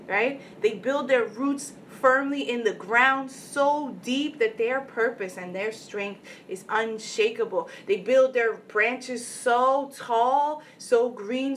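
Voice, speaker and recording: A woman's voice: a little high, a bit bright, slight background noise. Earnest woman telling a motivational story. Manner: earnest, storytelling, repeated "right?" asides. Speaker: inspirational vlogger. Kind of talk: motivational talk to camera.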